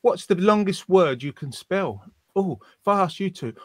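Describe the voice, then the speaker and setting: A man's voice: high voice, lively intonation, normal speed, a little mellow, no room sound, clean studio sound. A man hosting a casual online chat show over a video call, playful and rambling, teasing his guests. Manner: playful, rambling, self-mocking. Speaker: host.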